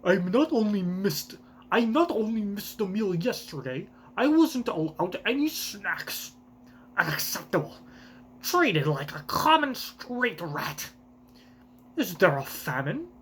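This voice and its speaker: A spoiled, cruel nobleman with an ugly, pompous, jowly voice, as a man puts him on. The voice sits a little higher than ordinary talk and comes out slow and indignant. A faint hum runs under the reading. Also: fairly bright tone, exaggerated voice.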